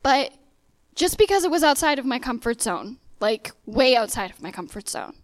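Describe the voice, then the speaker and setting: A woman's voice: high voice, big pitch swings, normal speed, no room sound. A young adult woman giving a sermon-style talk, telling a personal story and acting out the dialogue in quoted voices. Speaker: speaker sharing a testimony.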